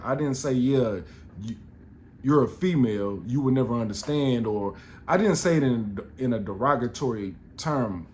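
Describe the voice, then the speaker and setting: A man's voice: fairly high pitch, a little hiss or hum. A middle-aged man, telling a story on a podcast in an exasperated, profane rant full of restarts. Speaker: podcast host.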